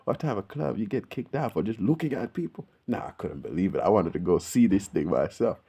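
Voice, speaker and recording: An Australian man hosts a video, talking to the camera in a casual, rambling way. He's an animated storyteller, full of slang and swearing, with a fairly low, slightly rough voice and a brisk pace that barely pauses.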